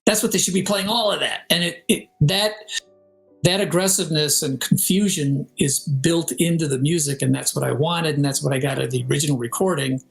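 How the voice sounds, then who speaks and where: Here the older composer and audio director talks a little fast, his voice on the high side with vocal fry. Over a rough video-call recording with soft music underneath, he spins lively stories, breaking into melodies and doing voices.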